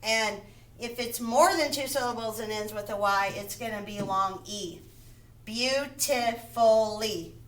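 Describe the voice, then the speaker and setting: A woman teaching a phonics lesson to first graders, slowly sounding out and repeating words. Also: mid-range voice, steady tone, fairly bright tone, low-quality recording. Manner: slow, deliberate, repeats words and sounds them out. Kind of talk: phonics lesson for young children.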